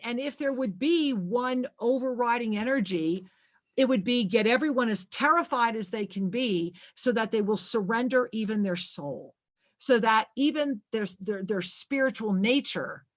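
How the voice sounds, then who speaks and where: A woman hosting a spiritual talk radio show, speaking emphatically and repeating key phrases. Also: mid-range voice.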